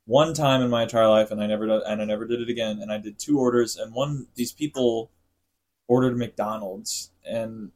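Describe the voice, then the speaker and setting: A man's voice: fairly low pitch, steady tone, fairly quick, darkish tone. A man co-hosting a podcast, telling a story in laid-back casual chat. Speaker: podcast co-host.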